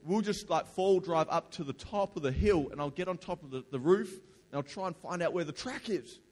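A young man preaching a lively youth sermon, telling casual stories and prompting the crowd. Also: high-pitched, fairly quick. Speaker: youth pastor. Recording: long hall reverb.

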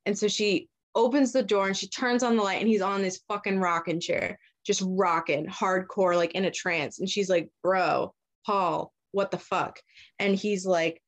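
A young woman with a medium-pitched, fairly even voice recounts a story in casual podcast chat. She swears freely, keeps it loose, and briefly performs the characters' lines in quick voices.

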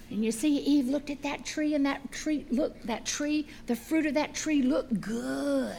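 A middle-aged woman preaching a sermon with animated, humorous storytelling. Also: high voice, normal speed, creaky, hardly any pauses, slight background noise.

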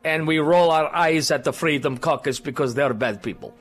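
Give me a man playing a mock-earnest Russian party loyalist with a thick put-on accent, on the high side. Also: moderate pace, faint music behind, close to an everyday voice. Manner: broken grammar, mock-earnest.

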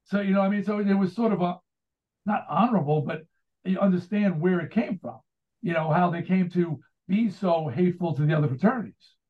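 A man's voice: sits high, a little fast. A man in his sixties with an American accent, talking about his writing in a casual, rambling interview, full of restarts and asides. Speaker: author and rock singer guest. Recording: tinny phone-like line.

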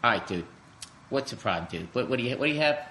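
A man doing his calm, low-key buddy. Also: quick pace, a little hiss or hum. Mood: mellow. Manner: calm, drawling, repeats "dude". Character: laid-back, unbothered male buddy, patient.

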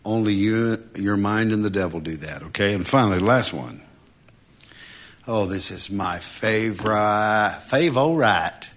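A preacher delivering a sermon with a bright, clear tone. He is animated and humorous, slipping in quick acted-out voices as he goes. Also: lowish voice.

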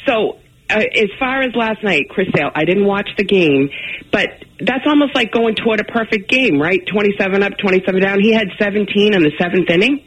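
A woman's voice: mid-range voice, expressive, brisk, husky, poor audio. A woman calling in to a radio talk show, chatting about a ball game and laughing easily. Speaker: caller. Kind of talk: phone-in chat.

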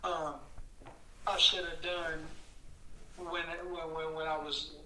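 Indianapolis male boxer, casual talker, bright tone, little pitch movement. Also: level tone, takes it slowly, slight background noise, rough recording. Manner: laid-back, repeats "you know what I'm saying". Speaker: professional boxer guest. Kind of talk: casual interview.

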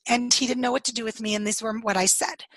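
A woman with a slightly hoarse, husky voice, telling her life story in an interview and acting out the dialogue she recalls. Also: on the high side, fairly even intonation, fast talker, fairly bright tone, no echo, poor audio. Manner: storytelling, acts out quoted dialogue, laughs often. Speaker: podcast guest.

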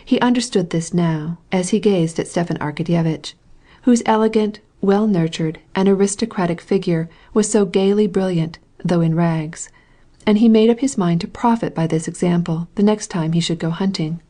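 This is a woman narrating a classic novel for an audiobook. She tells the story in an even, measured way, her voice leaning low.

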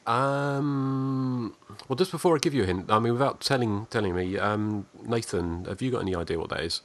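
A man's voice: medium pitch, normal speed. A man hosting a casual movie quiz podcast, hesitant, with many ums and restarts. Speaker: quiz host.

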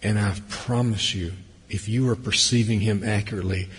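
A man preaching a sermon, swinging between loud emphasis and hushed, near-whispered passages. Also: on the low side, fairly even intonation, moderate pace, husky. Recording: long hall reverb.

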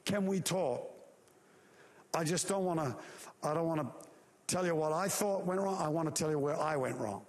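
A man preaching a sermon, telling a story with animated, acted-out voices and sound effects. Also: on the high side, moderate pace, in a large hall.

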